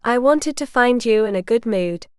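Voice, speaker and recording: A woman's voice: on the high side, lively intonation, moderate pace, clear, resonant tone, no room sound, clean studio sound, lightly acted. Woman voicing a stubborn, indignant young noblewoman. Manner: indignant, sharp-tongued.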